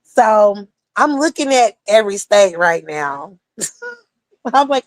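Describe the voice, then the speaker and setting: A woman's voice: medium pitch, very animated, takes it slowly, dry recording. A young woman talking casually on a livestream, blunt and profane, rambling between topics as a streamer.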